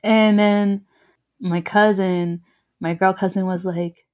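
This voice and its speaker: A woman's voice: medium pitch, fairly even intonation, takes it slowly, a little mellow. Young woman telling a story. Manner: mixes English and Spanish, swears freely, laughs often. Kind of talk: casual chat.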